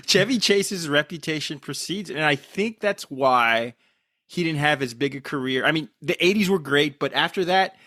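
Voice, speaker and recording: A man's voice: a little high, expressive, bright, forceful tone, dry recording. Podcast host man with a dry sound. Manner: steers with questions, measured commentary. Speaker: podcast host leading the questions. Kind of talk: casual podcast chat.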